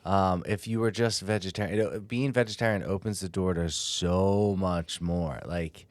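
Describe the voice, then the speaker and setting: Low-voiced man, relaxed halting chat. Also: no echo. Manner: relaxed, a bit halting, restarts and "um"s. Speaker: podcast co-host. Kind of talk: casual chat.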